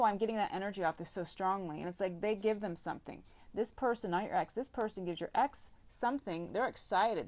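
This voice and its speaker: A woman's voice: medium pitch, darkish tone. A woman giving a casual tarot reading, rambling with lots of filler words and some blunt swearing. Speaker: tarot reader.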